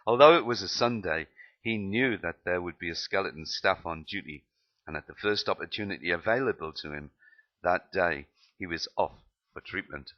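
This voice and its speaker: Very deep-voiced man reading a memoir. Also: muffled recording. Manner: plain reading with slips and restarts. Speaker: narrator.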